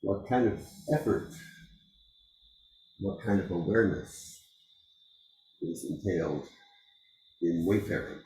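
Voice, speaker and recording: A man giving a dharma talk as a Zen teacher, reflective and unhurried, pausing often and laughing softly. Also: deep voice, roomy sound, low-quality recording. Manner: slow, reflective, with frequent pauses and soft laughs.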